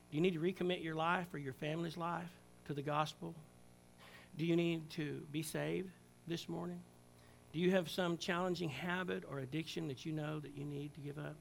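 A pastor, older, preaching a Sunday sermon that swings from loud calls to hushed, low passages. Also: male voice, steady tone, normal speed, vocal fry, slight background noise.

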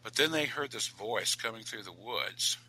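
A man tells a ghost story as a podcast guest, animated and dramatic. His voice is low and forceful, with a tense edge. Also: normal speed, breathy edge, rough recording. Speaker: author and guest.

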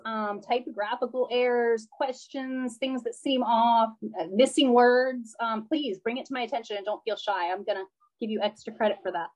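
A woman with a fairly high voice teaches a live online class. She explains patiently, using plenty of fillers and checking in often with her students. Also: darkish tone, low-quality recording. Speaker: language teacher.

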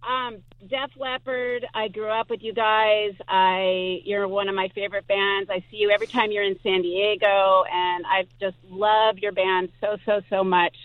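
A woman's voice: medium pitch, flat delivery, measured pace, few pauses, no echo. Eager woman caller on a tinny phone line. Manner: eager, gushing, rambling. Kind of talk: call-in radio chat.

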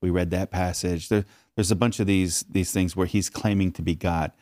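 Low-voiced guy walking through a bible passage, dry close sound. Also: fairly even intonation, moderate pace, a little mellow, no room sound. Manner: explanatory, with short agreeing backchannels. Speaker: podcast co-host. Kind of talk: casual Bible discussion.

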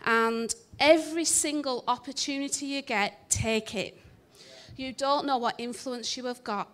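A woman's voice: high-pitched, a little slow, a bit bright. A woman telling a church congregation a personal testimony, chatty and self-deprecating with many ums. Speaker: church member sharing a testimony.

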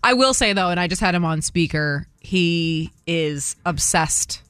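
A woman's voice: on the low side, animated, a little slow, fairly bright tone, smooth, no echo, studio quality. A woman hosting a radio show, chatting and laughing as she tells stories and takes callers. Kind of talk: casual radio chat with callers.

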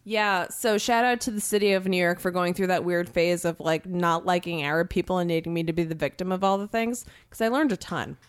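A woman in her twenties, an actor, chatting casually with lots of swearing and big swings of pitch when she gets excited. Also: a little fast, few pauses, clean tone. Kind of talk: casual chat.

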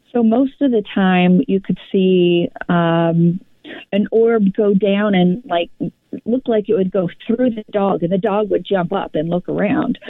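Brief: female co-host, gravelly voice, animated rambling storyteller, dry thin phone-quality sound. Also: lowish voice, no room sound. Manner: animated, rambling retelling with many restarts. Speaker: podcast co-host. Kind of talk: casual personal storytelling.

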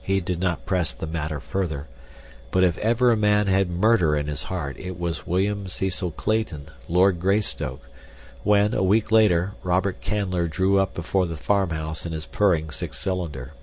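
A man reading a novel aloud as an audiobook narrator, measured and even. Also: low-pitched. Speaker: audiobook reader. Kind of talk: scripted narration.

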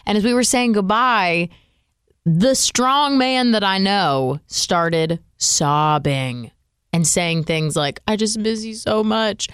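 A woman's voice: medium pitch, takes it slowly, a bit bright, clear, resonant tone, dry recording, clean studio sound. A woman co-hosting a radio show podcast, chatting casually, chatty and self-deprecating. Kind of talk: casual chat.

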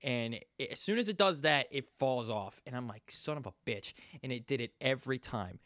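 Young man, casual storytelling, rambling, swears a lot, middle pitch, dry close sound. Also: lively intonation, brisk, no echo. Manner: rambling, profane, gets loud and high when riled. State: sore.

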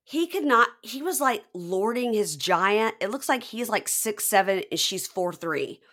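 A woman's voice: medium pitch, measured pace. A woman co-hosting a podcast, chatting casually and acting out the people she quotes. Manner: animated, acts out quoted people. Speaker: podcast co-host. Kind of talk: casual chat recapping a reality show.

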